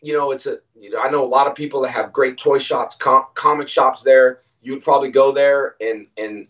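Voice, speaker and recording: A man as an interview guest, telling stories casually and acting out quoted lines with animated voices. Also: mid-range voice, a little fast. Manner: animated, acts out quoted dialogue. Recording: distant, muffled audio.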